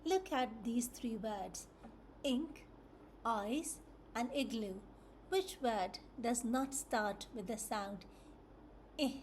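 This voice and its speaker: A woman teaching phonics to young children, slowly and patiently, repeating each letter sound several times. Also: on the high side, a little hiss or hum.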